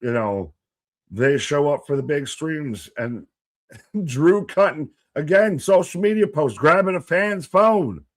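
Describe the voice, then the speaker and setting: A man co-hosting a live wrestling watch-along, rambling and animated, joking with the chat. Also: on the high side, slow pace.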